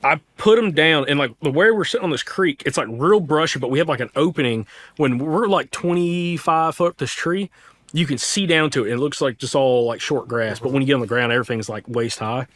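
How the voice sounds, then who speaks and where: A man's voice: fairly high pitch, fairly quick, fairly bright tone. A young man from Alabama, a hunting podcast host, casually retelling a hunt in a rambling way with quoted dialogue. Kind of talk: casual storytelling.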